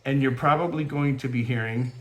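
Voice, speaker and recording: A man's voice: mid-range voice, fairly quick. A man hosting a beading channel, chatting casually from home in a rambling way with lots of fillers, his voice quivering with emotion. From California. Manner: rambling, warm-hearted, many fillers. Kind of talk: casual chatty vlog intro. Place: home, near a fountain and wind chimes.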